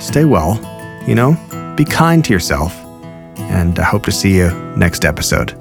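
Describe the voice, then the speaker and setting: A man's voice: low voice, very animated, unhurried, creaky. A man in his forties hosting a podcast, rambling and self-deprecating, cheering on his guest and reading an ad in casual chat, with music underneath. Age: 40s. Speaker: podcast host.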